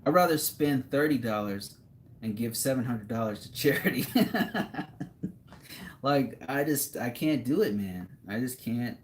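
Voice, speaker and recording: A man's voice: mid-range voice, measured pace, long pauses, a little hiss or hum. A young man streaming live, reading viewer comments aloud and chatting casually in a laid-back, rambling way with frequent laughs.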